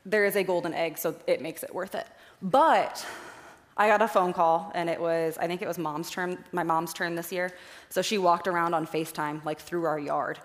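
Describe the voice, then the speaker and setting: A woman's voice: on the low side, moderate pace. Chatty young woman in echoey hall. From Iowa. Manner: chatty, animated storyteller. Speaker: speaker giving a faith talk. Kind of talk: personal storytelling talk with slides. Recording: echoey hall with long reverb.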